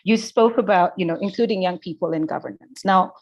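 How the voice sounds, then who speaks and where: A woman with a fairly low voice moderates an online panel over a video call. She frames her questions in full, articulate sentences and speaks at a measured pace. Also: a little mellow, lo-fi sound.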